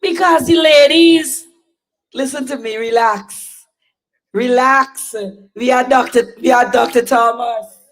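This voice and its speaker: Unhurried woman emceeing a rally. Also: high-pitched, fairly even intonation, low-quality recording. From Guyana. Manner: chatty, addresses the crowd directly. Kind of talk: emceeing a public meeting. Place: outdoor public meeting.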